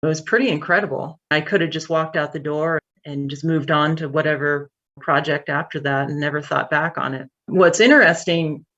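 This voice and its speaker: A woman who runs a tech company, telling a story in an interview, candid and animated, with fillers. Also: low voice, moderate pace, hardly any pauses, lo-fi sound.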